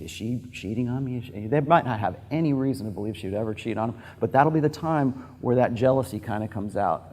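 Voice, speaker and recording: A man's voice: on the low side, warm tone. A man giving an informal, frank lecture to a group in a loose, digressive way. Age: adult with a daughter.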